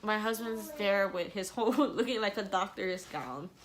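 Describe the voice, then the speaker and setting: A woman's voice: mid-range voice, moderate pace, slight background noise. A young adult woman telling a personal story in a vlog, candid and emotional, sometimes tearful and apologizing. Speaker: vlogger.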